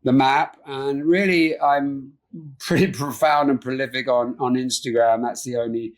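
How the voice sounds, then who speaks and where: A man speaking as a podcast guest in an earnest, soft-spoken way, often trailing off and restarting, recorded over a remote call. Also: mid-range voice, fairly even intonation, unhurried. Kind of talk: reflective interview talk.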